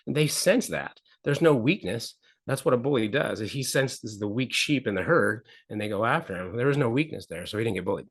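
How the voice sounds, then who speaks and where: Brisk and expressive, a middle-aged man's medium-pitched, slightly rough voice carries a personal story he tells as a talk show guest. Throughout the candid interview he's earnest, repeating phrases and acting out quoted people.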